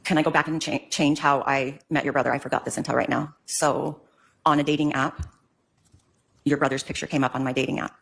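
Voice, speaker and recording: A woman's voice: low-pitched, little pitch movement, a little fast, vocal fry, fairly bright tone, slightly rough. An older woman giving court testimony, answering hesitantly with many ums. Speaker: witness in court.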